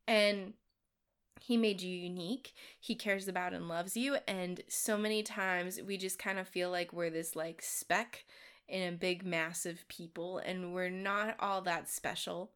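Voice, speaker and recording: A woman's voice: lowish voice, steady tone, a little slow, a bit bright, clear, resonant tone. A woman hosting a faith podcast, talking in an earnest, encouraging way with casual fillers. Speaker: podcast host. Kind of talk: devotional podcast talk.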